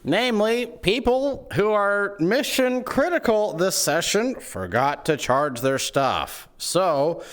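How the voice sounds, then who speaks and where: A man hosting a game roleplay stream in a casual, chatty way. He moves between bright, loud greetings and quiet muttering. His voice swoops widely and he takes his time. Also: on the high side.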